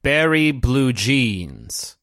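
A man voicing a group of divine judging statues that speak down from above, solemn and booming. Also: lively intonation, unhurried, no echo, studio quality, natural voice. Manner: booming, solemn, pronouncing judgment. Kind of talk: tabletop game voice acting.

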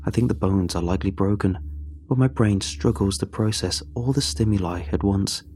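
Low-voiced male storyteller. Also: moderate pace, warm tone, slight background noise. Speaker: audiobook narrator. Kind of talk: first-person scripted narration.

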